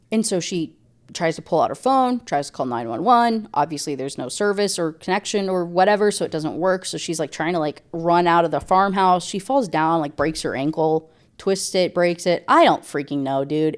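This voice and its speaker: A woman's voice: fairly low pitch, animated, normal speed. A young woman giving a casual, rambling book review rant, exasperated and slangy, reading passages aloud between asides.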